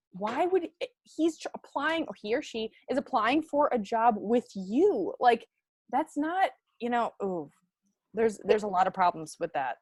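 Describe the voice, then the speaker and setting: A woman's voice: a little high, darkish tone, dry recording, clean studio sound. A woman co-hosting a podcast who reacts emphatically and speaks her mind in casual chat. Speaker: podcast co-host.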